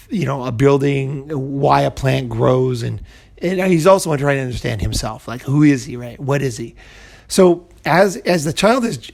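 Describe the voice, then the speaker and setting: A man's voice: medium pitch, gravelly. A man giving a casual advice monologue as a video host, rambling with many restarts and asides. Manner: rambling, full of restarts and "you know". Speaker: self-help video host.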